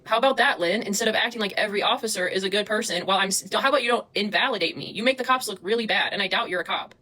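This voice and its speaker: A young woman livestreaming, talking fast and agitated, swearing and replying to chat comments. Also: medium pitch, sharp tone. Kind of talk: livestream rant.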